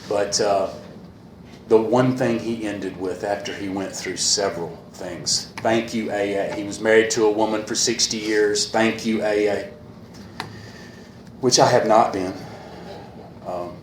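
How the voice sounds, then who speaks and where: Man, meeting speaker, low voice, sincere and halting, echoey hall recording. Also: steady tone. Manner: earnest, repeats a refrain, halting with fillers. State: a little emotional. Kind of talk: personal talk at a meeting. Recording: echoey room with faint hiss.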